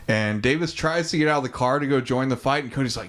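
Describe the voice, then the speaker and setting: This man co-hosts a podcast and is recounting a movie's story in a casual chat, talking fast in a medium-pitched, slightly bright voice. He's easygoing, curses a lot, and scatters ums and likes throughout.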